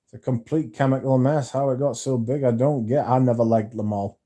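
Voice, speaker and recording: Chatting casually about perfume on his livestream, this host reads out viewer comments and swears freely. His mid-range voice is mellow and steady in tone, and he talks fairly quickly.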